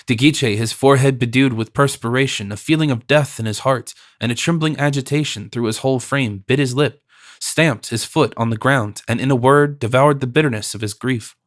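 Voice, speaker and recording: A man reads a classic novel in a steady, formal storytelling style. His voice sits in a middling register, and the recording is dry and close, with no room sound. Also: mid-range voice, a little fast, dry recording. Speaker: audiobook narrator. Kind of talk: scripted narration.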